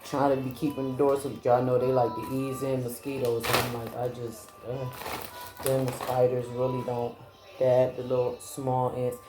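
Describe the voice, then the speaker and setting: A woman's voice: very deep voice, little pitch movement, normal speed, over music. A tired young woman, chatting casually and rambling to her viewers, with lots of fillers. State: tired, yawning. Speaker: vlogger, mom. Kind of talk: casual chat. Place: home kitchen. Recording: echoey room with background noise.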